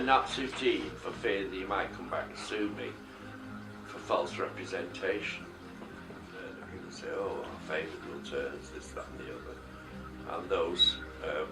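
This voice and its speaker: An older man, a gallery owner telling anecdotes in an interview and acting out the voices of the people in his stories. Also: low-pitched. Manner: animated storyteller acting out quoted voices. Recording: echoey room, far from mic, music behind.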